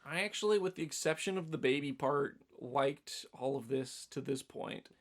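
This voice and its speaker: A man co-hosting a podcast, casually recapping a film in a rambling, animated way with lots of fillers. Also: a little high, normal speed. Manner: rambling, animated storytelling with many fillers and acted-out quotes. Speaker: podcast co-host.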